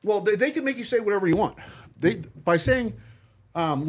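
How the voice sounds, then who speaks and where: A man recounts his story in loose, casual talk with a voice sitting somewhat high for a man. He swears bluntly and often, with frequent ums, uhs and broken-off restarts. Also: lively intonation. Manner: blunt, profane, halting with fillers and restarts. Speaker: podcast guest telling his story. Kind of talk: casual storytelling among friends.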